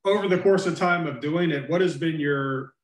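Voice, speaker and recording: A man hosting an interview, asking questions with relaxed, chatty asides. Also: fairly high pitch, moderate pace. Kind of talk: casual interview. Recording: echoey room.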